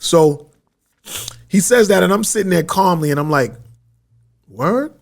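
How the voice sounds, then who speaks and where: A man's voice: high voice, moderate pace, creaky. A man hosting his podcast in a media studio, telling a rambling story in slang-heavy street talk. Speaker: podcast host. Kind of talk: casual storytelling monologue.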